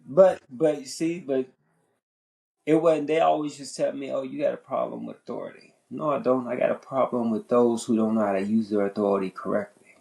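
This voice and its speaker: A man on a podcast telling a long story in casual chat. He talks in an animated, profane way, often repeating and restarting his phrases. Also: brisk, creaky, low-quality recording. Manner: animated, profane, pitch jumping high when worked up. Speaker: podcast host.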